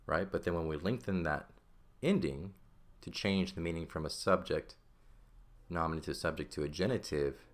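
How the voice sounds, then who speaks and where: Man as a teacher, voice sits very low, explains patiently and checks understanding as he goes. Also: moderate pace. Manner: explanatory, checks in with "okay?" and "right?". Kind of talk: recorded language lesson.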